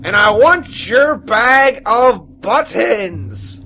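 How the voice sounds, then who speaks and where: A man voicing a huge, greedy male monster that bellows its threats slowly and loudly in a storybook tale. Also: very high voice, lively intonation, soft background music, pitched above the performer's own voice, heavily acted. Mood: menacing bellow.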